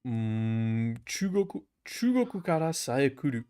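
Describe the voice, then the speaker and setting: A man's voice: mid-range voice, big pitch swings, a little slow, mellow. Chatty young man with a German accent. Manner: chatty, says bro a lot, laughs often, drills phrases aloud. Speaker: language learner livestreaming. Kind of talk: casual livestream chat reading comments. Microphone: camera mic.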